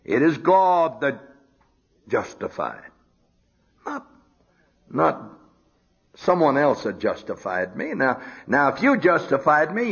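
An older man preaching a sermon, animated, dropping to a low murmur and rising to high emphatic outbursts, on a dull lo-fi recording. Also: breathy edge.

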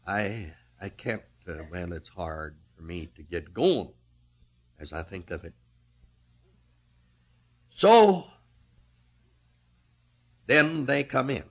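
Slow, animated male preacher. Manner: slow, emphatic preaching with wide swings in pitch and loudness. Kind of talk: sermon.

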